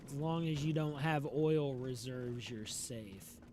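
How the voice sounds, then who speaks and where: A man chatting casually with his live-stream audience while playing a game, relaxed and slangy, and sleepy. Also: medium pitch, slow pace, a little hiss or hum. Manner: relaxed and slangy, talking to chat. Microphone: streaming microphone.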